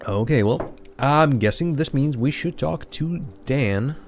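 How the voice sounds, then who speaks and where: Gravelly, lively young man streaming. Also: mid-range voice, a little slow, slight background noise. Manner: rambling and chuckly, with many fillers. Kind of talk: live gameplay commentary, reading game text aloud.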